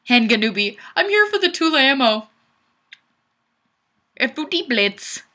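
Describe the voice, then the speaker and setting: A young woman chats casually on a webcam livestream at home, reading out viewer comments in a bubbly, giggly, playfully self-deprecating way. Her high, sing-song voice is unhurried with a sharp tone, heard through the webcam mic.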